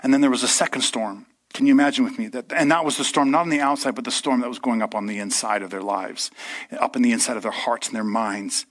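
A man preaches a sermon before a live church audience, lively and conversational, often checking in with the room. He has a mid-range voice and a quick pace.

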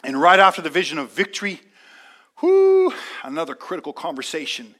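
An energetic male pastor preaching in church with a high, bright voice. He talks emphatically and leans on call-and-response. The delivery stays lively and direct. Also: quick pace. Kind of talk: sermon.

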